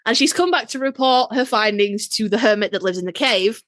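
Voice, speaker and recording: A woman with a Yorkshire accent co-hosting a podcast in a casual chat, talking in quick, self-mocking asides with some swearing. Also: fairly high pitch, a bit bright, dry recording. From Yorkshire, England. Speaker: podcast co-host.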